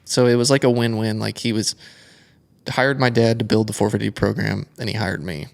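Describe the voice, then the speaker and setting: Gravelly young man telling a long story. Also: on the low side, fairly quick. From United States. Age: young adult. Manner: rambling, animated storytelling with many fillers. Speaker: guest, flat track racer. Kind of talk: casual storytelling interview.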